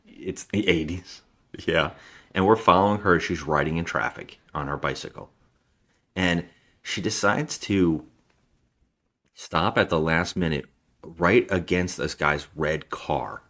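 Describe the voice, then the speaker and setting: A man co-hosting a casual film podcast, retelling scenes and acting out character lines in an animated way. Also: low voice, a little slow, pauses often. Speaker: podcast co-host. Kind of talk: casual chat about a film.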